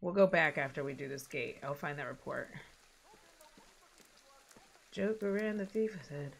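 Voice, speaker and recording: A woman's voice: deep voice, moderate pace. A woman streaming a video game, talking casually to her chat with lots of swearing and laughter. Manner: profane, chatty, laughs easily. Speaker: gaming streamer. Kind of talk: casual gameplay commentary.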